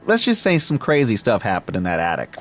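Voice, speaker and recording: Chatty man with lively pitch. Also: brisk, soft background music. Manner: chatty, laughs often, recaps the plot. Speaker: podcast co-host. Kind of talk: casual film discussion podcast.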